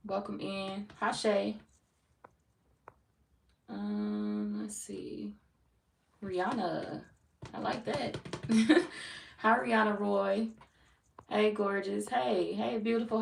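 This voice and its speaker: A woman with a St. Louis, Missouri accent chats loosely with her livestream viewers, playful and profane. Her voice has a gravelly fry to it. The sound is roomy and echoey, picked up from some distance. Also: mid-range voice, steady tone, slow, pauses often, slight background noise. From Saint Louis, Missouri. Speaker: tarot reader hosting a livestream. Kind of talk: casual livestream chat greeting viewers. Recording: roomy echo, mic at a distance.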